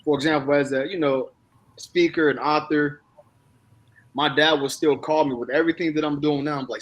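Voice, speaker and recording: A man's voice: fairly high pitch, steady tone, fairly quick, fairly bright tone. A man who is a speaker and author, talking candidly about his father in a panel chat, with jokes.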